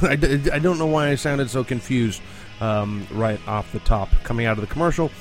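A man hosts a podcast link in a mid-pitched voice, halting and correcting himself with many fillers. Soft music plays faintly behind him. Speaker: podcast host. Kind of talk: hosting links between segments.

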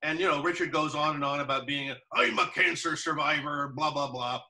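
A man's voice: on the high side, fairly even intonation, brisk, sharp tone, distant mic, low-quality recording. A man chatting casually, telling a long anecdote with many fillers and restarts. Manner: rambling storyteller, many fillers. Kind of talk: casual chat.

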